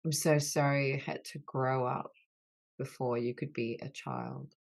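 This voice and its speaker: A woman guides a healing session on an online group call, repeating gentle phrases. Her voice sits low with a gravelly fry, and she speaks in an unhurried, soothing way. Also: steady tone. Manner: slow, soothing, repetitive apology phrases. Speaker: soul mentor leading a healing call.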